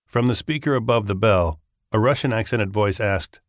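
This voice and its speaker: A man narrating a first-person thriller audiobook in a steady, matter-of-fact way. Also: on the low side, normal speed, no echo, studio quality.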